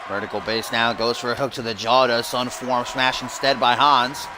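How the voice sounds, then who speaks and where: A young man doing mock play-by-play commentary over a wrestling video game, bursting into shouts at big moves. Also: medium pitch, flat delivery, moderate pace. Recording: loud game crowd and noise behind. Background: loud arena crowd and game sounds.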